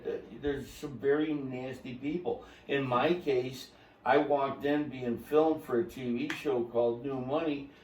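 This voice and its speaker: A man hosting a podcast, telling a story in a lively, laughing way and acting out quotes. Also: medium pitch, a little hiss or hum. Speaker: podcast host. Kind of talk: casual storytelling chat. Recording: roomy, distant mic.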